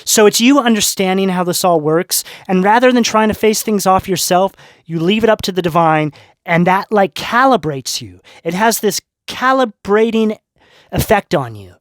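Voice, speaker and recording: Man, tarot reader, earnest spiritual monologue, slightly high voice, dry close sound. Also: lively intonation, normal speed, dry recording. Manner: earnest, repeats "right?" and "okay?" often.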